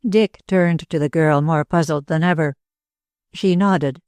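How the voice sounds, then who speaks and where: A woman reading a novel aloud as an audiobook narrator, measured and even in her telling. Her voice sits on the low side, recorded close and dry with no room around it. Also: no echo. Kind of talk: scripted narration.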